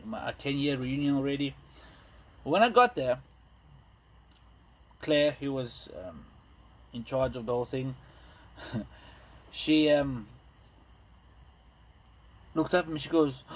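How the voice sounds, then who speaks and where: Rambling stand-up man, slightly high voice. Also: lively intonation. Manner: rambling, self-deprecating, lots of ums and pauses. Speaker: stand-up comedian. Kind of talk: stand-up set streamed live. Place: indoors at home.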